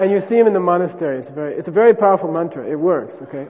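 A man's voice: on the high side, racing, few pauses, in a large hall, narrow, tinny audio. A man teaching a class casually, often checking with "okay?" and demonstrating chants aloud.

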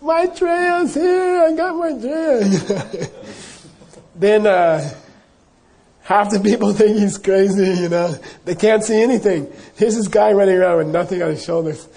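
A man's voice: sits high, normal speed, creaky, warm tone, slightly rough. A man teaching as a Buddhist teacher, telling a story in a casual, rambling way with many fillers. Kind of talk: dharma talk storytelling.

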